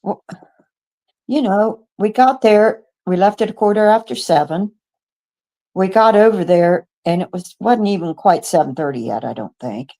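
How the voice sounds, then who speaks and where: Speaking at normal speed with a medium-pitched voice, a woman from the United States in her seventies shares her personal story as a radio guest witness. She brings quoted conversations to life by acting them out, with the occasional stumble and restart, in a radio studio setting.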